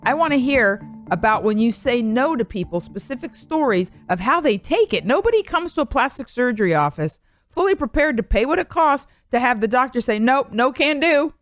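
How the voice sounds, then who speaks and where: A woman's voice: a little high, very animated, a little fast, no echo, soft background music. A woman hosts a talk show in a chatty, upbeat manner, keeping the talk moving. Her voice sits in a middle range and sounds close and dry on a studio mic.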